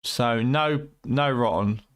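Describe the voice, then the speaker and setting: A man with a British accent hosts a late-night game stream from home, bantering with his chat and swearing freely. His voice sounds tired and worn from the long night, sitting at an ordinary middle pitch. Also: slow pace. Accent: British English. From United Kingdom. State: tired, voice going.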